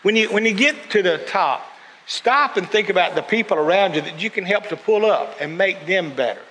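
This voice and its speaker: A man's voice: high voice, animated, moderate pace, sharp tone. A man preaching a sermon, telling stories and acting out the voices of people he quotes. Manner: storytelling, acts out quoted voices. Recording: long hall reverb, faint noise.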